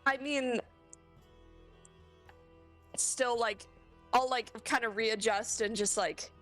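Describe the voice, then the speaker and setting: A woman's voice: a little high, slow pace, a bit bright, faint music behind. A woman playing a tabletop game, talking hesitantly with many fillers. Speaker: player. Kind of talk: in-character tabletop play.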